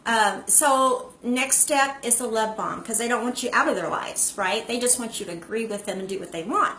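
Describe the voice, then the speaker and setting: A woman's voice: fairly high pitch, normal speed, pushed and bright, slight background noise. A woman hosting a live stream, chatting casually to viewers and greeting them by name. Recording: echoey room.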